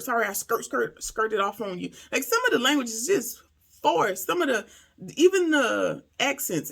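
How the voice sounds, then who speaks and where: A woman's voice: a little high, creaky, a bit bright, breathy edge. A woman giving a casual, slangy episode recap and review, animatedly acting out the characters' lines.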